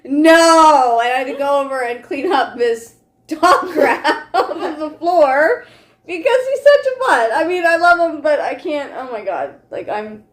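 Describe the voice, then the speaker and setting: A woman co-hosting a casual chat show, telling a funny story in an animated, giggly way. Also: sits high, normal speed. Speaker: co-host. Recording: echoey room.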